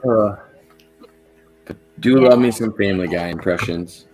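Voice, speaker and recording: A man's voice: low voice, normal speed, a crowd in the background. A man hosting a casual livestream over a video call, joking and laughing often while he restarts his phrases. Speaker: podcast host.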